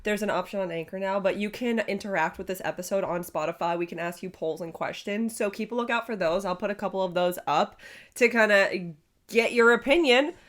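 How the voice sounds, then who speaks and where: A woman in her twenties co-hosting a podcast, reacting to stories with quick comments and laughs. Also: medium pitch, fairly bright tone. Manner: reactive, laughs along, swears casually. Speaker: podcast co-host. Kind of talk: casual chat.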